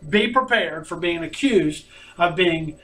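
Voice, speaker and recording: A man's voice: high voice, animated, unhurried, bright, forceful tone, recorded from a distance, poor audio. A man preaching a sermon, speaking earnestly and acting out quotes from mocking opponents.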